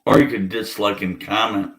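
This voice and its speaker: A man's voice: lowish voice, flat delivery, moderate pace. A man giving a blunt, profane, rambling vlog rant full of fillers. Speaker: atheist vlogger. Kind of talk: ranting vlog monologue. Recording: echoey room.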